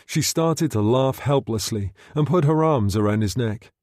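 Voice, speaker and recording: Expressive male audiobook narrator. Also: mid-range voice, normal speed, no room sound, clean studio sound. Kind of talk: scripted narration.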